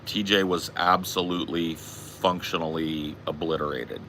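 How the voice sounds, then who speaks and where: A man's voice: low voice, fairly even intonation, measured pace, bright, forceful tone, slight background noise. A man hosting a podcast, telling a casual anecdote with plenty of swearing. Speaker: podcast host. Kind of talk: casual storytelling chat.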